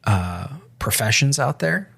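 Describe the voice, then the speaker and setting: A man's voice: fairly low pitch, big pitch swings, a little slow, vocal fry, bright, forceful tone, husky. A man co-hosting a faith podcast, a pastor telling a story in casual conversation, with frequent restarts. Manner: storytelling with many restarts and quoted dialogue.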